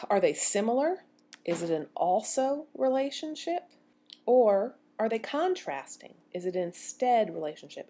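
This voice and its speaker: A woman's voice: mid-range voice, warm tone, slight background noise. A woman giving a recorded grammar lecture as a university instructor, explaining step by step and posing questions to her students.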